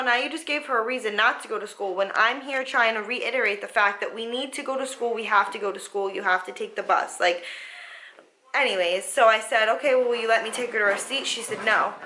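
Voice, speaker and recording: Chatty mom with a bright voice. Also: female voice, a little high, a little hiss or hum, low-quality recording. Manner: rambling retelling with many fillers and quoted dialogue. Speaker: mother vlogger. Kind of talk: casual storytelling vlog.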